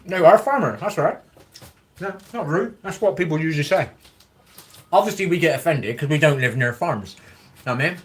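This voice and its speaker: A man's voice: fairly high pitch, animated, a little fast, long pauses. A man chatting casually on a livestream, answering viewer comments in a rambling, frank way, swearing freely and encouraging his viewers.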